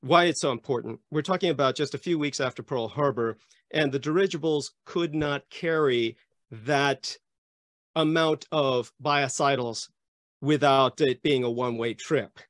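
A man's voice: mid-range voice, unhurried, fairly bright tone, no room sound, studio quality. A man speaking as a guest historian, blunt and emphatic, sounding drunk. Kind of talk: conversational commentary.

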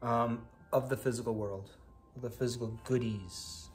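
A man's voice: medium pitch, steady tone, unhurried, a little mellow, faint music behind. A man from Buffalo, New York, giving a casual, chatty tarot reading with playful exclamations. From Buffalo, New York, United States. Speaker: tarot reader.

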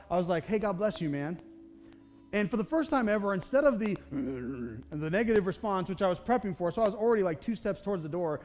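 High-voiced young pastor telling stories. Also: male voice, darkish tone. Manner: conversational, self-deprecating, many "okay?" check-ins. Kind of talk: sermon with personal storytelling. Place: church sanctuary.

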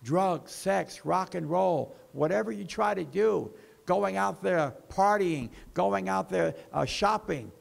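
A man preaching a sermon as pastor, with slow emphasis that rises and falls. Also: high voice, creaky.

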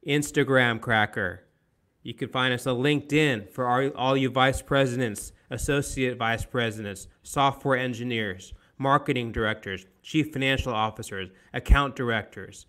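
A man's voice: mid-range voice, a bit bright. Upbeat man hosting a home livestream. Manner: upbeat, emphatic, repeats words for effect. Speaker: host of a nightly live-streamed concert series. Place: parents' dining room at home.

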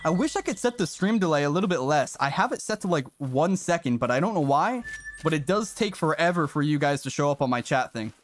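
Excitable male game streamer, lively pitch. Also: brisk, a little hiss or hum. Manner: excitable, swears, chats to viewers. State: briefly out of breath. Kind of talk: casual live-stream commentary.

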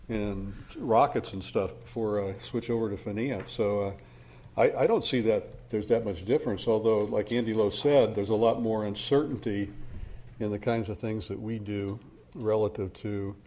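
Older guy giving a talk, lots of ums and restarts, dry jokes about himself. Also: fairly low pitch. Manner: hesitant, many fillers and restarts; dry self-deprecating humor. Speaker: conference speaker. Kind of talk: academic lecture.

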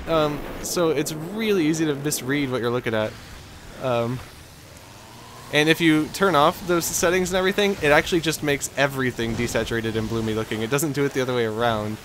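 A man with a Texan accent chatters through a racing game, yelping at crashes and laughing at himself. His voice sits a little high and sounds bright and tense. A faint hum of game noise runs behind him. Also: rough recording. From Texas. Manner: rambling, self-deprecating asides. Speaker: gaming video host. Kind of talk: let's play commentary.

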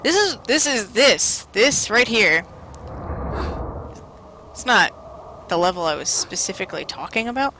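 A woman giving casual commentary while playing a video game, exasperated and self-deprecating, often shouting at the enemies on screen. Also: mid-range voice, expressive, a little slow, long pauses, noisy background. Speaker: let's play commentator.

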